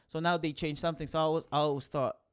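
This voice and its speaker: A man co-hosting a casual podcast chat, rambling and animated as he recounts scenes. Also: a little high, quick pace, clean tone, dry recording. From Philippines. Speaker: podcast co-host.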